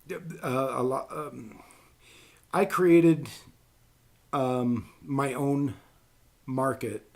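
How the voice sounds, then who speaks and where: A middle-aged man in casual podcast chat. His pitch sits in the middle and he rambles, trailing off into ums and restarting his sentences.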